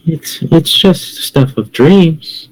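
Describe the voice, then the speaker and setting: A man's voice: a little high, expressive, very slow, pitched above the performer's own voice, exaggerated voice, low-quality recording. A man voicing a creepy old woman who peddles pastries and sweetly calls people dearie. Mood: sugary, coaxing.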